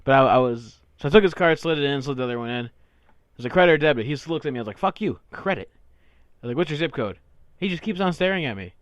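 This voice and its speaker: A man's voice: medium pitch, lively intonation, very fast, clear, resonant tone, no room sound, highs cut off. A man co-hosting a casual podcast, telling stories in a crude, profane, ranting way. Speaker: podcast co-host.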